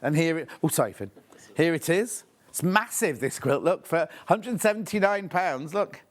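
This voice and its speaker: A man's voice: a little high, expressive, normal speed. Gushing male shopping-channel host. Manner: chatty, gushing, thinks aloud while unpacking. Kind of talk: live sales presentation.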